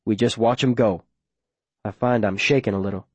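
A man narrating a story in the first person, steady and plain, with rural grammar. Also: fairly low pitch, normal speed, slightly rough, no room sound. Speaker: audiobook narrator.

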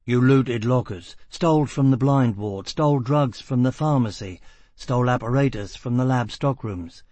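A man voicing a self-assured, menacing male boss who talks in a brisk, mocking way. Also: mid-range voice, a little mellow, dry recording, lightly acted.

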